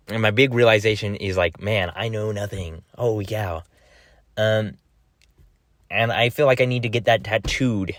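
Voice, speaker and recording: Young male vlogger with a low voice, recorded dry and close; loose, slangy, laughing delivery. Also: no room sound. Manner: rambling, laughs often, slangy. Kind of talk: casual personal chat.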